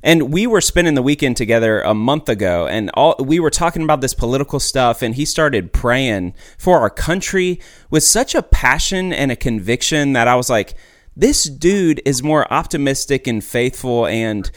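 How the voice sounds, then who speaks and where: A man hosting a podcast, talking in an energetic, emphatic, chatty way. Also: mid-range voice, normal speed, no echo, clean studio sound. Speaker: podcast host. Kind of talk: casual podcast chat.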